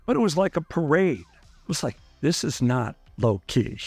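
Animated man acting out his story. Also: a little high, normal speed, breathy edge, dry recording, faint music behind. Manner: animated, acts out other people's lines. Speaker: lawyer recounting his own case. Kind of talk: interview storytelling.

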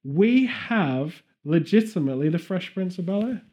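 A man's voice: high voice, lively intonation, moderate pace, mellow, lo-fi sound. A man hosting a podcast in a casual, jokey way with playful earnestness. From Britain. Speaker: podcast host. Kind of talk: casual comedic chat.

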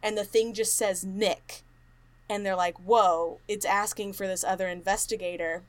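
A woman co-hosting a podcast casually retells a haunted-place story in an animated way, acting out quotes and using lots of fillers. Her voice is mid-range and her pace moderate.

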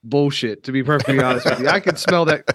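A podcast host from Kentucky in casual chat, animated and emotional, swearing casually. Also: male voice, medium pitch, fast, slightly rough, dry recording, studio quality.

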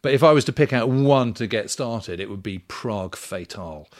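A man's voice: mid-range voice, animated, moderate pace. An English man co-hosting a history podcast, enthusiastic and full of "you know" and "kind of" hedges. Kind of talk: casual chat.

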